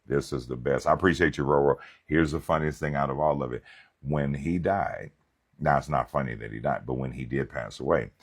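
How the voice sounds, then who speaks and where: Very deep-voiced man preaching a sermon. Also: a little fast, slightly rough. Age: young adult. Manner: animated, conversational, humorous preaching. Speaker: pastor. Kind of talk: sermon with storytelling.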